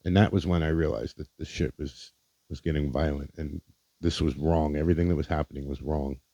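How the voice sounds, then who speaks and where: A man's voice: very deep voice, steady tone, brisk, mellow, no room sound, highs cut off. A man hosting a podcast, telling a personal story in a candid, profane way, often stumbling over and repeating his words. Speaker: podcast host.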